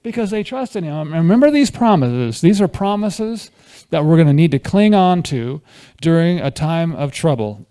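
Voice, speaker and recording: A man's voice: on the high side, expressive, normal speed, warm tone, clean tone. A man preaching a conversational sermon at a church fellowship, often asking the congregation questions.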